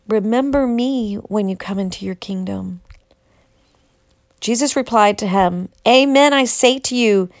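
Woman slowly reading scripture aloud. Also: mid-range voice, dry recording, studio quality. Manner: slow, measured reading with emphatic quoted lines. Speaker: scripture reader and commentator. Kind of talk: scripture reading with devotional commentary.

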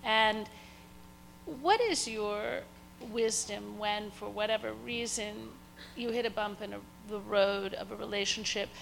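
Gravelly hesitant woman asking a question. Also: medium pitch, unhurried, a bit bright, slight background noise, rough recording. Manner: hesitant, searching for words, restarts. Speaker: audience member asking a question.

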